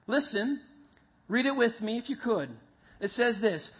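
Man preaching through a lively story. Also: very high-pitched, normal speed, breathy edge. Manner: animated storyteller, acts out voices and sounds. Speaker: youth pastor. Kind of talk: sermon with a told story. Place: meeting room with a live group.

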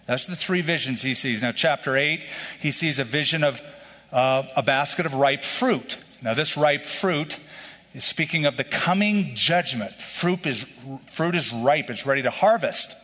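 A man's voice: medium pitch, lively intonation, a little slow, sharp tone. A male pastor teaching through a scripture passage in a conversational, explanatory way, with casual asides. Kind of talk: expository sermon. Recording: long reverb of a large hall.

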